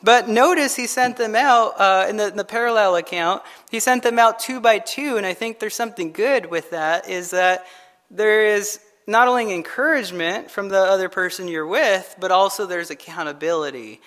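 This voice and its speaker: A man preaching a sermon as pastor, in a conversational, animated storytelling manner that acts out quotes. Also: sits high, moderate pace.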